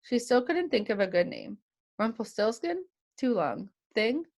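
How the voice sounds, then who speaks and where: A young woman reads a children's chapter book aloud, with a light vocal fry running through her words. She changes her voice for each character as she goes, keeping the kids listening. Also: on the high side, unhurried. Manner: lively, puts on voices for the characters. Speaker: childcare staff reading aloud.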